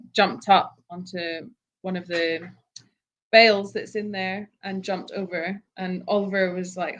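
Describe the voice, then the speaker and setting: Low-voiced British woman, matter-of-fact. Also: rough recording. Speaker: sanctuary co-host. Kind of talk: casual live Q&A chat. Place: animal sanctuary.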